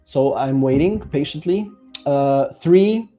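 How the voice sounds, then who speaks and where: Faint music plays behind a slow, dark-toned male voice that is fairly high and lively in intonation. He's a life coach giving a casual, reflective talk to camera, earnestly coaching viewers while thinking out loud, using fillers, and speaking openly about how he feels.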